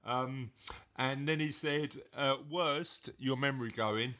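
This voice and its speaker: A man hosts a relaxed chat podcast, reading listener replies aloud with a joking, rambling delivery. His voice is bright and forceful at an average pitch. He chuckles through the punchlines and wanders off on asides. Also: slow pace. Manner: jokey, rambling, laughs at his own readings. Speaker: podcast host; father of co-host.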